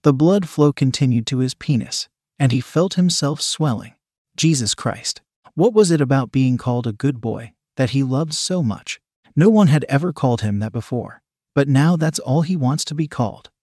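A man narrating a scripted erotic story in a steady, even reading voice. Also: medium pitch, moderate pace, slightly rough, no echo, clean studio sound.

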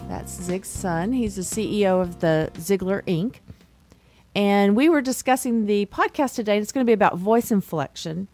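A woman's voice: mid-range voice, moderate pace, darkish tone, faint music behind. A woman hosting a podcast interview, talking in an upbeat, encouraging way. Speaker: podcast host. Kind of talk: casual interview chat.

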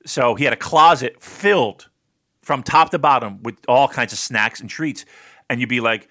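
A man's voice: medium pitch, moderate pace. A man from New Jersey co-hosting a podcast, telling stories in a swearing, laugh-filled, casual way. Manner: animated, swearing, storytelling, laughing often. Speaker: podcast host.

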